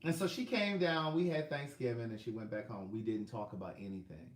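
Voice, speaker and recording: Animated storytelling man in an echoey room. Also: mid-range voice, a little fast. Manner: animated, laughing, acting out quotes. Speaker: author. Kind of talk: storytelling monologue. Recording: roomy echo.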